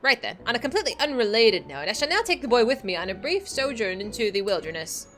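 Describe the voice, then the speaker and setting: A woman reading aloud in a put-on, plummy voice as a pompous, theatrical elderly gentleman with flowery speech. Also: high-pitched, sing-song, a little fast, faint music behind, pitched above the performer's own voice. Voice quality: plummy put-on British-style accent. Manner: grandiloquent, flowery.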